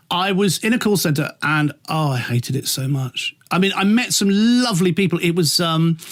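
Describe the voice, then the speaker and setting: A man who presents radio, telling anecdotes with a lively voice that swoops all over. His voice is a touch higher than most men's. He laughs a lot and swears casually. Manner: animated storyteller, laughs often, swears casually. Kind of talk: casual interview chat.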